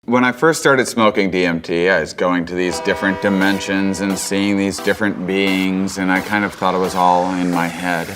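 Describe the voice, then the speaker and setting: Deadpan man telling a wild story. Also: normal speed, few pauses, faint music behind. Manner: deadpan, then bursts into high panicked acted-out quotes. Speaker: stand-up comedian. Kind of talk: stand-up storytelling.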